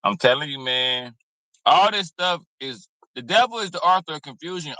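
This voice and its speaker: A man's voice: on the high side, animated, moderate pace, pushed and bright, no room sound, rough recording. A man giving blunt, preachy, streetwise commentary in a casual reaction video, cursing freely. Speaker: commentary host.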